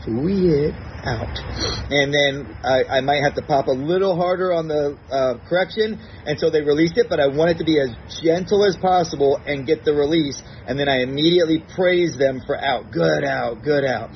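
A fairly high-voiced man walks through a dog training routine step by step, calm and patient. He acts out his commands in a bright, praising tone. The recording is a little dull, with a faint hiss behind him. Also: a little fast, few pauses. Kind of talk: recorded instructional segment.

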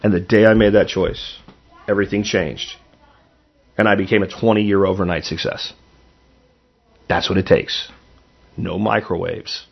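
A man's voice: low-pitched, steady tone, a little slow, gravelly, long pauses, breathy edge, lo-fi sound. A middle-aged man hosting a show, giving a blunt, earnest motivational monologue that swears now and then. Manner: blunt, earnest, emphatic, with profanity. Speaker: podcast host.

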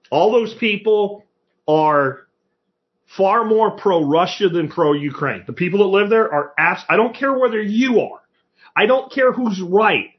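A man hosting a podcast, delivering a blunt, profane and sarcastic political monologue full of rapid rhetorical questions. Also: a little high, lo-fi sound. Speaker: podcast host.

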